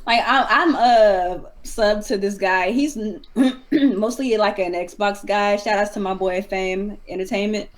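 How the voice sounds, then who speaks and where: Woman host, casual and chatty, easy laugh, mid pitch. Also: measured pace, soft background music. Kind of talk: casual group chat.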